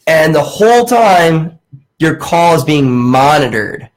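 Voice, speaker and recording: A man's voice: on the high side, slow pace, poor audio. Casual young man telling a work story. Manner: animated, acts out quoted voices, swears casually. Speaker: podcast host.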